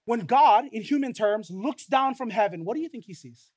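A man preaching a sermon, earnest and full of rhetorical questions, swinging between loud emphatic stretches and quiet, low passages. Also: animated, normal speed. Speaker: pastor.

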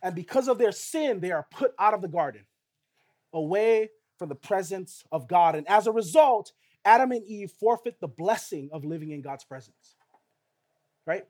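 A man's voice: high voice, expressive, moderate pace, darkish tone. A middle-aged male pastor preaching a sermon in a conversational way, often asking rhetorical questions of the listeners.

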